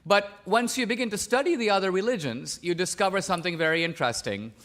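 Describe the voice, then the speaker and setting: A man from India debating on stage, his voice sitting a little high. He argues in a pressing, methodical way, stacking question on question. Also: fast, a bit bright. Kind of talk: public debate.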